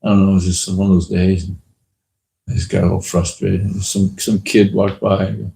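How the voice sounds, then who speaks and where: A man giving a casual talk at a temple, telling lively anecdotes and acting out the people in them. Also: low-pitched, moderate pace, gravelly, rough recording. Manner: lively anecdotal storyteller, acts out quotes. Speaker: temple speaker.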